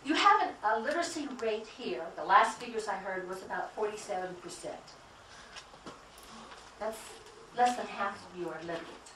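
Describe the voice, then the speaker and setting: A woman's voice: mid-range voice, lively intonation, normal speed, bright, forceful tone, slight background noise. Woman, conference speaker, emphatic and repetitive, roomy hall, distant mic. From United States. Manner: emphatic, repeats key phrases, asks the audience questions. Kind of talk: motivational conference talk.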